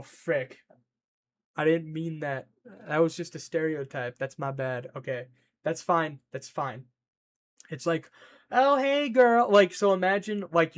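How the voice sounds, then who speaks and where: Excitable, rambling man streaming. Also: on the high side. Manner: excitable, rambling, scolding his pet and reading chat. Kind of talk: casual rambling stream chat.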